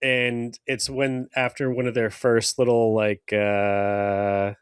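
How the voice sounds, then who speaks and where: A man chatting on a podcast, swearing freely and teasing his friends as he builds up to a movie pick. His voice is mid-pitched and recorded dry and close to the mic. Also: level tone, slow, smooth, dry recording. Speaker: podcast co-host. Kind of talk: casual chat.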